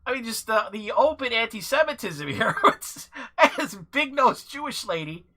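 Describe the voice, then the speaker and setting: A man giving casual commentary over clips, halting and restarting with dry laughs. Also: extremely high pitch, lively intonation, bright, forceful tone.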